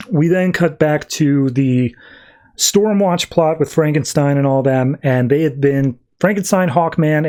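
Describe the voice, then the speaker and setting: A man's voice: medium pitch, darkish tone. Man casually recapping comics. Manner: retells scenes with quick quoted dialogue, filler likes. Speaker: podcast host.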